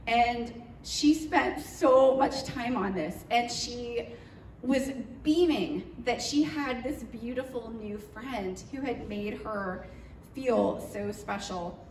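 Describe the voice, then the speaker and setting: A woman telling a church congregation about a trip in a lively, chatty way, with plenty of fillers and acted-out quotes. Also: on the high side, takes it slowly, slight background noise. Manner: animated, chatty, lots of fillers, acts out quotes. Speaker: mission trip leader speaking to church. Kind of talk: storytelling trip recap. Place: church hall. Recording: roomy echoey hall, mic far off.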